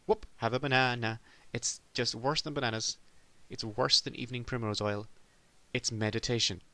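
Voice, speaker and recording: A man's voice: medium pitch, sharp tone, no room sound. A man from Ireland hosting a solo comedy podcast, rambling in a self-deprecating way with sudden exasperated outbursts. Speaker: podcast host.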